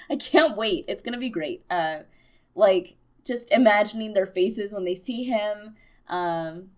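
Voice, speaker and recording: A young woman giving a casual, excitable TV episode recap, full of fillers. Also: medium pitch. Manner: chatty and excitable, many fillers. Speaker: TV recap vlogger.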